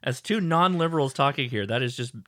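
A man's voice: mid-range voice, expressive, brisk, fairly bright tone, no room sound, clean studio sound. A man hosting a podcast in casual chat, tossing out wry jokes and playful asides. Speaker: podcast host.

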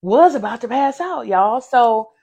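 A woman hosting a casual podcast about faith shares a personal story straight to her listeners, animated and emphatically repetitive. Her voice leans high, her pace is a little slow, and it sounds slightly rough.

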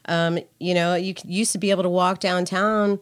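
Blunt woman with a low voice. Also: fairly even intonation, normal speed, clear, resonant tone. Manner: blunt storytelling, casual swearing. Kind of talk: casual podcast chat.

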